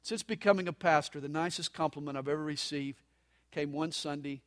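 High-voiced male pastor preaching. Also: fairly even intonation, fairly quick. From United States. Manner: dramatic, shifting from loud emphasis to soft, hushed delivery. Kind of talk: sermon. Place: church sanctuary during a live service.

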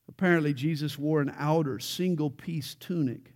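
A man's voice: on the high side, normal speed, hardly any pauses, mellow. A man preaching a verse-by-verse Bible sermon, earnest and building to emphatic peaks, with light jokes along the way. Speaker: pastor.

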